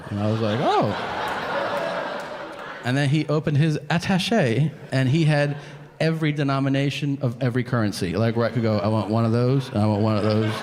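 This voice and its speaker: A man in his thirties performs stand-up on a club stage, switching voices as he acts out both sides of his stories. The sound rings with a long hall reverb, and an audience can be heard clearly behind him. His voice sits at an ordinary middle pitch. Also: very noisy. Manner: animated storytelling, acting out both sides of conversations. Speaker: stand-up comedian. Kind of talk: stand-up comedy routine. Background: audience laughter.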